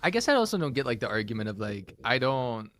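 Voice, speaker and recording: A man's voice: medium pitch, big pitch swings, fast, a bit bright, a little hiss or hum. A man co-hosting a podcast in casual chat, hesitant and tentative in his views. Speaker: podcast co-host.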